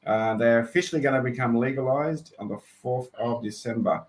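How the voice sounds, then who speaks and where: Relaxed Australian male co-host, laughs easily, talking through a laptop webcam. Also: medium pitch, brisk, rough recording. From Western Australia. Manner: easygoing, laughs often. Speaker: livestream co-host. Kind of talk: casual live-stream chat.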